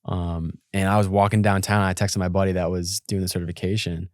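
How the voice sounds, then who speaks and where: Chill guy host w a really low voice, dry close mic, kinda rambly. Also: level tone, brisk, a little mellow, dry recording. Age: 30s. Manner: laid-back, swears, lots of fillers. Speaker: podcast host. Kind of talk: casual interview talk.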